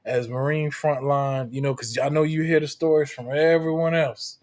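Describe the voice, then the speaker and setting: An American man hosting a podcast, talking about his show in a relaxed, emphatic way with slang. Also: on the high side, normal speed. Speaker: podcast host, Marine veteran. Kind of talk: casual podcast talk.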